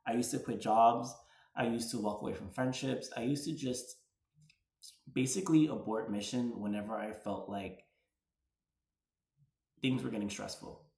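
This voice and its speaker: A man's voice: medium pitch, steady tone, moderate pace, vocal fry, long pauses, a little mellow. A man in his thirties, from the New York area, telling a personal story in a chatty vlog, full of "like" and retold dialogue. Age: 30s. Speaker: vlogger. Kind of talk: casual storytelling. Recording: roomy echo.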